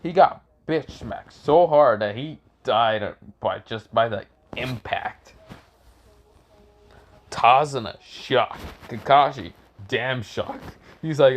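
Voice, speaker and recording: A man's voice: mid-range voice, expressive, slow pace. A man casually retelling a fan story, rambling with lots of fillers and cursing. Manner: rambling, with many fillers and profanity.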